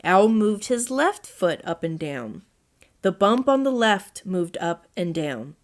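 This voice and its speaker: A woman reading a children's storybook aloud as narrator, in a gentle read-aloud manner. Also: medium pitch, big pitch swings, slow pace.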